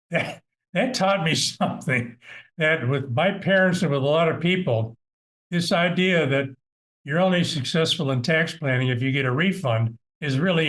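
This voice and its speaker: A man's voice: medium pitch, a bit bright. A middle-aged man, a financial advisor hosting a radio talk show, talking in a conversational, folksy, anecdotal way.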